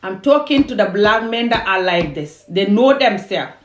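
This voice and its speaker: A woman's voice: mid-range voice, lively intonation, moderate pace. A woman from Gambia ranting heatedly and emphatically in a self-filmed commentary video. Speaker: vlogger.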